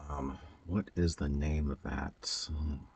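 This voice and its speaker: A man's voice: a bass voice, fairly even intonation, takes it slowly, creaky, darkish tone, breathy edge. A man chatting casually and rambling while he works on a Lego build, hesitant, with many fillers and stutters and frequent chuckles. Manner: chuckles often.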